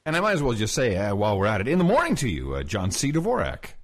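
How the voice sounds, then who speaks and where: A man co-hosting a podcast in casual banter, chatty and quick to laugh. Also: fairly low pitch. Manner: laughs easily, lively chatty delivery. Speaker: podcast co-host.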